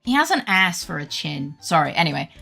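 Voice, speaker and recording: A woman's voice: low voice, big pitch swings, a little fast, vocal fry, sharp tone, soft background music. A woman streamer giving playful, sarcastic commentary on a game, cursing casually.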